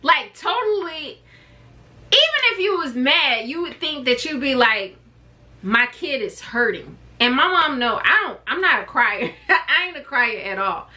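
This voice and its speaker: A mom vlogger recounts a personal story to camera in a talkative, expressive way, often straying onto tangents. Her voice is high and her delivery unhurried.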